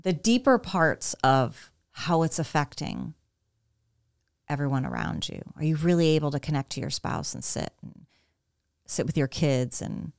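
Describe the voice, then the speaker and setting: Female co-host with a very low voice, earnest and animated, repeats phrases as she talks, dry sound. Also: unhurried, vocal fry, dry recording. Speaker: podcast co-host. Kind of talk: candid conversational podcast talk.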